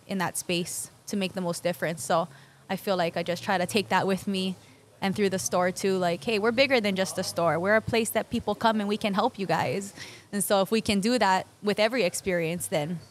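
Animated woman telling stories with laughter. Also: medium pitch, fairly quick. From Hawaii. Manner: animated, acts out dialogue with frequent laughter. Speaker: guest, local business owner. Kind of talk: conversational storytelling.

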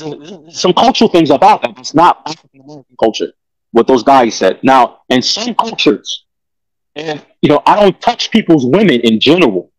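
A man's voice: fairly high pitch, no echo, poor audio. A man, talking in a rambling, streetwise way on a casual panel discussion. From New York.

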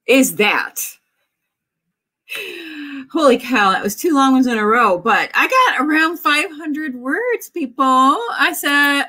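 High, bright, bubbly woman in her forties. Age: 40s. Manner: bubbly, cheering viewers on with whoops. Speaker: author hosting writing sprints. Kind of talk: casual livestream chat.

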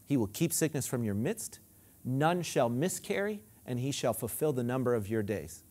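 Preaching to his congregation, this male pastor leads call-and-response exchanges, moving from booming emphatic statements down to quiet murmured asides. He speaks in a sing-song way at a moderate pace.

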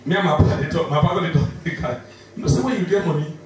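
Nigerian male stand-up, fast banter, high voice, distant mic in a roomy hall. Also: a little hiss or hum. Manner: rapid Pidgin-laced banter, laughing often. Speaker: stand-up comedian. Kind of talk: live stand-up comedy. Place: large indoor venue with live audience. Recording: echoey hall from far off, loud crowd.

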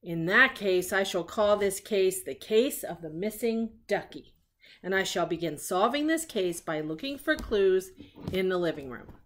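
A woman's voice: mid-range voice, animated, a little slow, close to an everyday voice. An older woman voicing a bumbling, pompous male detective puppet in a storybook read-aloud, making grand, self-assured pronouncements. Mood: instructive.

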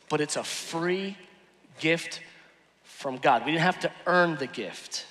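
A man preaching a sermon as pastor, telling stories with animated swings from hushed asides to shouted lines. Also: on the high side, slow. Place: large church hall. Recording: long hall reverb.

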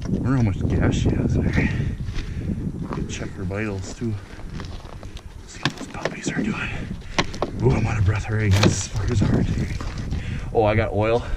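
A man talks into an action camera outdoors in the snow, rambling, excited and swearing freely. Loud wind roars over his voice, and the snowmobile engine runs somewhere behind him. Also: on the low side, moderate pace, long pauses. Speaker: vlogger. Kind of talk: casual outdoor vlog.

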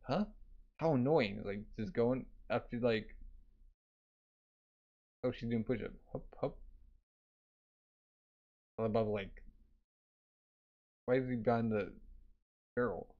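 Guy reading manga out loud, says like a lot, does the sound effects, kinda muffled. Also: medium pitch, slow, long pauses. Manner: loose, filler-heavy reading full of sound effects. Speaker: manga reader. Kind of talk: casual manga read-along with voices.

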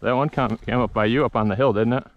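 A man's voice: medium pitch, fairly even intonation, fast talker, lo-fi sound, a little hiss or hum. A middle-aged man filming himself on a hunt in open fields, talking casually and calling his dogs with short repeated commands. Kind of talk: casual commentary while hunting outdoors.

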